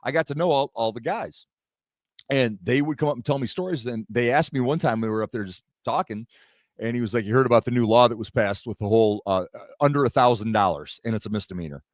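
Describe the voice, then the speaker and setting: A man's voice: mid-range voice, fast talker, no room sound, studio quality. A young man from the Los Angeles area in casual podcast chat, telling stories and acting out the people he quotes. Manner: animated storytelling, acts out quoted voices. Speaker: podcast co-host.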